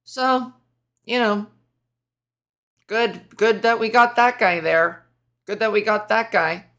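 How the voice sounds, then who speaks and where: A Canadian woman hosts a casual solo podcast, ranting in a profane, sarcastic and rambling way. Her medium-pitched voice is steady in tone, slow and a bit bright.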